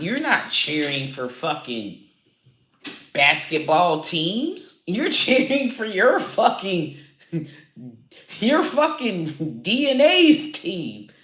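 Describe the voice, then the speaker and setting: A woman comedian ranting to camera, loud and profane, swearing freely and laughing at her own jokes. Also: fairly high pitch, echoey room. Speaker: comedian and online creator. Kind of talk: unscripted profane rant to camera.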